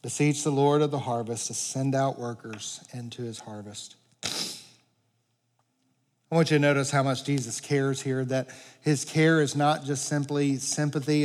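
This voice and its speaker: A man preaching a sermon as pastor, earnest, swelling louder and dropping to quiet emphasis, in a church sanctuary. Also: medium pitch. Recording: long reverb of a large hall.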